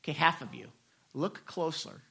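A man preaching a sermon to a live church audience, animated and chatty, acting out quotes with many restarts and laughs. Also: on the high side, normal speed, creaky, husky. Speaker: pastor.

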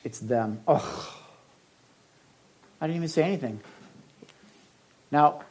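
Husky-voiced male pastor preaching. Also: on the high side, moderate pace, a little mellow, dull audio. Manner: conversational, addresses listeners by name. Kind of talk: sermon.

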